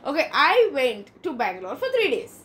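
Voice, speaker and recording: A woman's voice: sits high, wildly swooping pitch, normal speed, a bit bright. A young woman from India co-hosting a podcast, teasing her friends and laughing as she talks. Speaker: podcast co-host. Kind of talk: casual chat.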